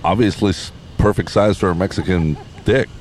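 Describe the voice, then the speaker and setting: A man guesting on a podcast, throwing in deadpan, crude wisecracks in casual banter. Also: deep voice, normal speed, a little hiss or hum.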